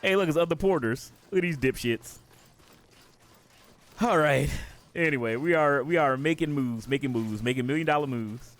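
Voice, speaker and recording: A man's voice: a little high, moderate pace. A man streaming a game live, rambling in profane, casual commentary and laughing often.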